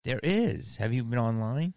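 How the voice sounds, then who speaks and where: A man's voice: medium pitch, animated, moderate pace, darkish tone, dry recording, clean studio sound. A man hosting a casual comedic chat, rambling and swearing, often laughing.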